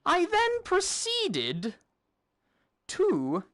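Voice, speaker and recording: A man hosting a gaming video, telling a game-session story in casual chat, animated and often laughing. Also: very high-pitched, drawn-out words, dry recording.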